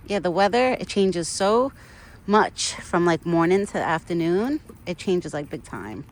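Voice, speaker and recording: A young woman with a slightly low voice chats casually into her phone camera while standing out on a trail. She rambles in a friendly way and talks sweetly to a deer she is feeding. Outdoor ambience and passing vehicles are clearly heard behind her. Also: expressive, unhurried. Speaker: vlogger feeding a wild deer. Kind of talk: casual vlog chat. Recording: outdoor phone recording with noise.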